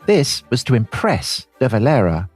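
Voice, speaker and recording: A man's voice: medium pitch, big pitch swings, normal speed, a little mellow, slightly rough, dry recording, soft background music. A man reading aloud as a prim woman secretary keeping a diary, in a lofty, sweeping way. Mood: grand.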